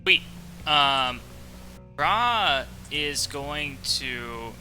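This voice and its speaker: Guy at a d&d table, really bright voice, excited and stumbling over words. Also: on the high side, extremely slow, soft background music. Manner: animated, stumbling, swearing. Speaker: player. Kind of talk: describing his character's actions in a tabletop game.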